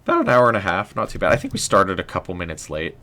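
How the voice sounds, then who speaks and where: A young man hosting a casual game livestream, rambling in a relaxed way with lots of "um" and "like". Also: sits low, fast, slight background noise. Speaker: livestream host.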